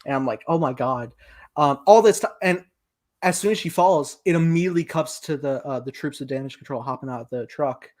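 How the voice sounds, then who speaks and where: A man's voice: a little high, brisk, darkish tone. A young man co-hosting a casual film review podcast, animatedly retelling scenes and acting out quoted lines. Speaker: podcast co-host.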